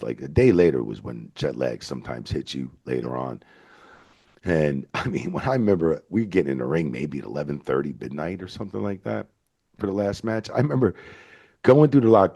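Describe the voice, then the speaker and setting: Gravelly, very deep-voiced man in his 50s. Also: a little fast. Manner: animated, swearing, rambling anecdotes. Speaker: veteran wrestling referee, guest. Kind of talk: casual interview storytelling.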